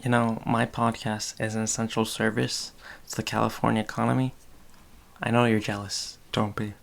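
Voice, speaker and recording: A man's voice: on the low side, little pitch movement, moderate pace, gravelly. A man with a Boston accent, a podcast host rambling distractedly and muttering to himself while he works on a casual livestream.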